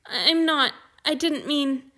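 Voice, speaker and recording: A woman's voice: sits high, expressive, slow pace, fairly bright tone, voice pushed up, full character voice. A woman voicing an anxious young man who is crying, stammering and breaking off mid-sentence in an audiobook reading of fan fiction.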